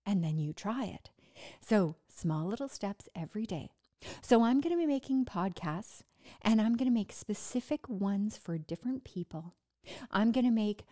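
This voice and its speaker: A woman talking casually to her listeners, speaking haltingly with word-finding pauses, restarts and self-mocking laughs. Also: medium pitch, warm tone. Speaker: podcast host recovering from brain injury. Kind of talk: casual personal monologue.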